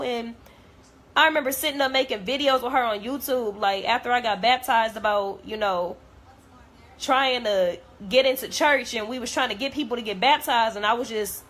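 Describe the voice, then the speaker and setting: A young woman vlogger with a slightly high, fairly bright voice rants emotionally straight to camera at a moderate pace. She's blunt, hurt and heated, and curses heavily.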